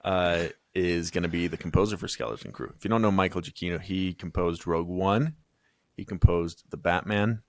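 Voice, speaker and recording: Deep-voiced laid-back young man. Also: brisk, no echo. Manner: laid-back, easygoing, says "dude" and "um" a lot. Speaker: podcast co-host. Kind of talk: casual chat.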